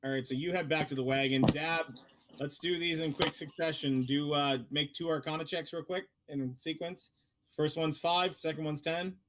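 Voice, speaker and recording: A man's voice: on the high side, fairly even intonation, normal speed, fairly bright tone, slight background noise. A man running a tabletop game as game master, narrating loosely with many fillers.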